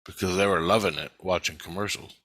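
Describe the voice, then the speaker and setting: Low-voiced man, profane agitated rant, bright edge, dry close sound. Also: quick pace, no room sound. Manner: profane, agitated, repeats himself. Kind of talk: angry rambling monologue.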